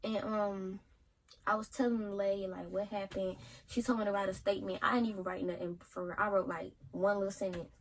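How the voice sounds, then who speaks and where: A teenage girl, casually telling a story in an animated way for a vlog. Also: mid-range voice, brisk, a little hiss or hum, poor audio. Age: teens. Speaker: vlogger.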